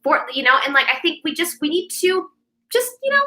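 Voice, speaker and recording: Bright, upbeat woman chatting on a live stream. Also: very high-pitched, big pitch swings, a little fast, rough recording. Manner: chatty and upbeat, with many fillers and restarts. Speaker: host of a daily live meditation stream. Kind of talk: casual live-stream chat.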